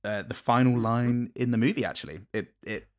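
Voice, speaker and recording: A man co-hosting a podcast, talking through favourite film moments in a halting way with many restarts and a dry sense of humour. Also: medium pitch. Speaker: podcast co-host. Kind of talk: casual film review chat.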